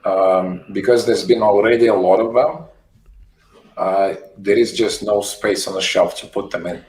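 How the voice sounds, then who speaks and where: A man, a company CEO guest, answering interview questions in a halting way, often repeating words while he searches for phrasing. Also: on the low side, a little mellow. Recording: echoey room with faint noise.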